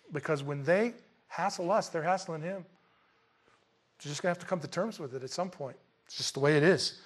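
A man preaching a verse-by-verse Bible sermon in an animated, colloquial way, with emphatic bursts. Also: high voice, slightly rough. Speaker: pastor.

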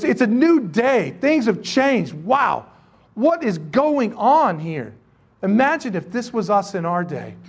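A man preaching a sermon to his congregation, animated and joking, with many rhetorical questions. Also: very high-pitched. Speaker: pastor.

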